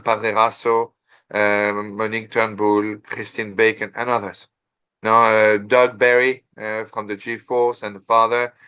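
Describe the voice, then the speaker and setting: A man appearing as an interview guest, speaking in a formal, deliberate and complimentary way. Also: lowish voice, bright, forceful tone, clean tone. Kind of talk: interview conversation.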